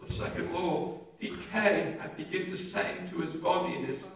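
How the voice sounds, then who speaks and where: An older man, preaching a sermon with animated humour, recorded from a distant mic in an echoey church. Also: sits high, moderate pace, crowd noise. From England. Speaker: pastor. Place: church hall.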